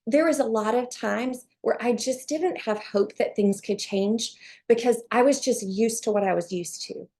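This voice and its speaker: A woman giving an enthusiastic, chatty sales pitch to viewers on a video call, often saying "you guys" and "um". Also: normal speed, mellow. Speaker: presenter of an online business call.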